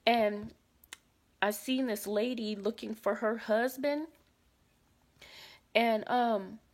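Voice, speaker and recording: A woman casually recounting a frightening dream, repeating phrases and dropping into whispers for quoted lines. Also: a little high. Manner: dramatic retelling, drops to whispers for quoted lines; animated, repeats phrases, many fillers. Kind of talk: casual spoken storytelling.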